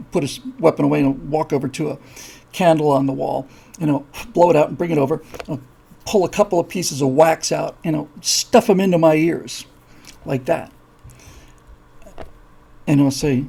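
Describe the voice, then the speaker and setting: A man hosting a live show, his voice gravelly and somewhat husky, pitched a bit higher than most men. He rambles through a casual story, full of fillers and restarts, and slips into quick acted-out voices. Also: mellow. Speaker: host.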